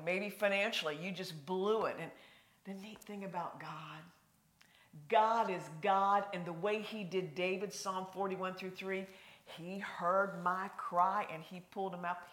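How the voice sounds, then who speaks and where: A woman preaching a sermon in a folksy, conversational way, swinging from loud emphasis to hushed, near-whispered lines. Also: fairly low pitch, steady tone, normal speed.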